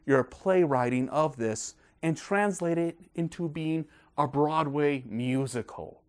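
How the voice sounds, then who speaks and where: A man hosting a casual film review video, talking in a gushing, excited way. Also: on the high side, takes it slowly, few pauses, clear, resonant tone.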